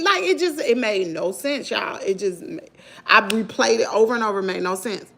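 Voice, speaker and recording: A middle-aged woman with a Southern US accent, telling a story to her viewers in an animated, chatty way. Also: a little high, measured pace, gravelly. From Mississippi, US. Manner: animated, talks to viewers as "y'all". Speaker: vlogger. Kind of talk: casual storytelling.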